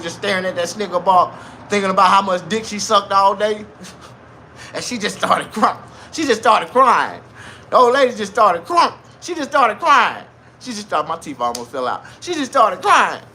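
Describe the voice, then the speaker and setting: A man telling a crude comedic story in an animated, repetitive way, laughing at his own tale. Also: high-pitched, slight background noise.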